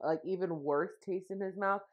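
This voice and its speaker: A woman's voice: fairly low pitch, normal speed. A young woman co-hosting a podcast, chatting casually and rambling with lots of fillers, getting emotional. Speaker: podcast co-host. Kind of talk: casual chat. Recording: dull lo-fi sound.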